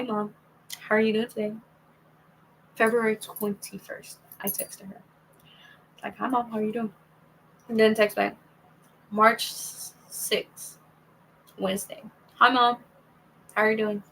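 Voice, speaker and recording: A woman's voice: mid-range voice, gravelly, a bit bright, poor audio. A young woman telling a rambling, casual story to her viewers, reading out old text messages with many restarts. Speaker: vlogger.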